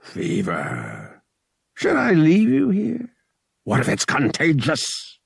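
A man doing a gruff cursing ship captain. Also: high voice, sing-song, slow, dry recording, clean studio sound, pitched above the performer's own voice, full character voice.

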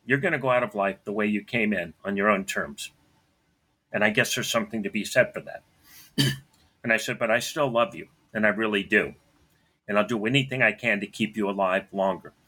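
A middle-aged man tells a personal story in a bright, forceful voice. He speaks bluntly and keeps clearing his throat between phrases. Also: lowish voice.

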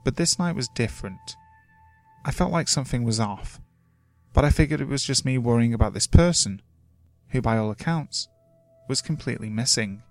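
A man's voice: medium pitch, lively intonation, moderate pace, long pauses. Man narrating a creepy woods story. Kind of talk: scripted horror story narration. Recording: faint music underneath.

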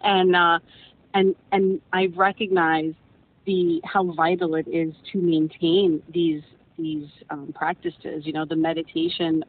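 A woman's voice: level tone, a little slow. A woman guest telling her own story in a rambling, earnest way, often repeating words as she gathers her thoughts. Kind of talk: casual personal storytelling. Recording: tinny phone-like line with faint rumble.

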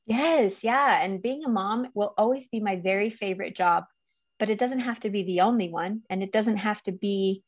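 In a casual interview, a guest who coaches mothers in business talks with earnest emotion and laughs a lot as she goes. Her voice sits at medium pitch, and the audio is muffled without any echo.

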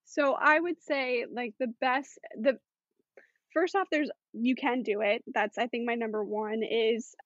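A woman's voice: on the high side, measured pace, a bit bright, no room sound, lo-fi sound. A woman talking as a podcast guest in casual chat, chatty with many fillers.

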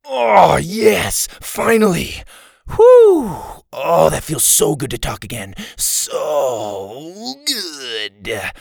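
A man's voice: on the high side, wildly swooping pitch, very slow, gravelly, darkish tone, no echo, studio quality, pitched above the performer's own voice, heavily acted. A man voicing a young boy overjoyed at speaking again, giddy and vain, in a children's story. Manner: giddy, exclamatory.

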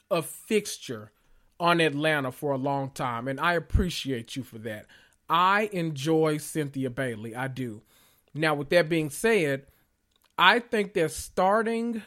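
A man's voice: fairly high pitch, a bit bright. A man hosting a podcast, giving sassy, blunt commentary with dramatic emphasis. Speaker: podcast host. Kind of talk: casual pop-culture commentary podcast.

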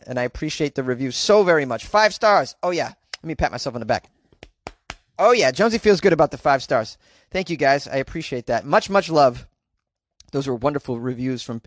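A man hosting a comedic weird-news podcast, with a voice pitched a touch above most men. He jokes his way through the stories with playful asides. The sound is dry and close, with no room around it. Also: fairly bright tone, no room sound. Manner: jokey, playful asides, breaks into silly singing. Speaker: podcast host.

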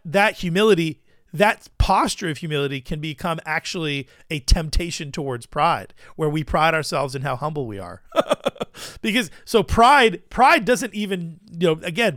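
A man hosting a casual commentary show, chatty and quick to laugh, often repeating words as he thinks. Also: on the high side, a bit bright, no room sound, clean studio sound. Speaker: host of a Christian commentary show.

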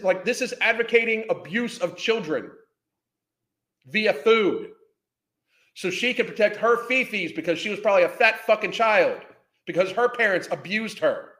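A man's voice: high-pitched, fairly bright tone, roomy sound. A man delivering an angry, profane reaction rant as a commentary host, hurling insults as he talks.

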